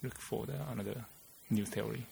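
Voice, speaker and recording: A man with a Japanese accent, a physicist guest explaining theory in casual chat, halting and searching for words. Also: fairly low pitch, fairly even intonation, gravelly, a little mellow, a little hiss or hum. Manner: halting, many "you know" fillers, searching for words.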